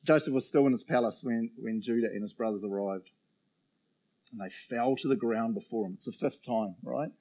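A man preaching a sermon, reading scripture aloud and explaining it in animated storytelling with frequent "right?" asides. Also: medium pitch, normal speed.

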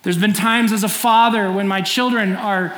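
A man's voice: high voice, steady tone, moderate pace, fairly bright tone. A middle-aged man preaching a sermon in a conversational, storytelling way, acting out scenes. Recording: echoey room, faint ambience.

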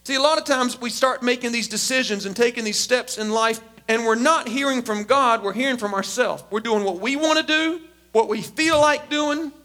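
A man preaching a sermon as a pastor, emphatic and animated. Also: very high-pitched, moderate pace. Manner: animated, emphatic, acts out quotes.

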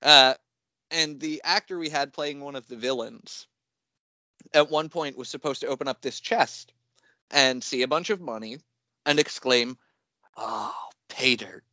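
A man co-hosting a podcast, telling a story in a casual, animated way and laughing often, over a remote call mic. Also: medium pitch, normal speed, no room sound, dull audio. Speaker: podcast co-host.

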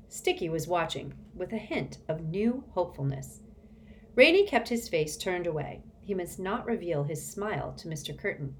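Lady reading a kids' novel aloud, lowish voice, faint hiss in the back. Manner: measured, expressive storytelling. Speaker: audiobook narrator. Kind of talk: scripted audiobook narration.

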